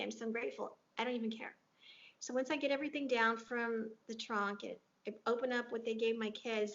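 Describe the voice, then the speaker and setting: Through a dull lo-fi recording comes a fairly high, creaky, somewhat bright female voice. She's an interview guest, earnestly and emotionally retelling a touching story from her life, complete with quoted dialogue.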